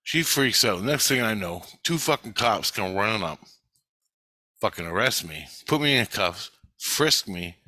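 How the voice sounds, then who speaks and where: Guy swearing his way through a dream story, kinda low voice, dry close mic. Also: unhurried, no room sound. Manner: profane, animated, swears constantly. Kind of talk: casual spoken storytelling.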